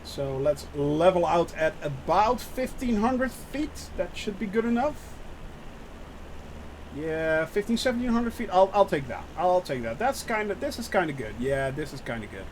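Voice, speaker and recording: Live-streaming a flight simulator, a man with a high-pitched voice and big pitch swings talks at a moderate pace, chatting with viewers and reading chat aloud. He's nervous about landing, full of fillers and restarts, and a slight hiss or hum runs underneath.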